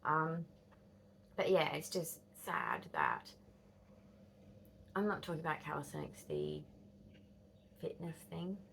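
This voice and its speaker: Australian woman, fifties, vlogger, lively pitch, rambling blunt storytelling. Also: slow, creaky, long pauses, slight background noise. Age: 50s. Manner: rambling, blunt, swears, drops into whispers. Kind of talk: casual storytelling to camera.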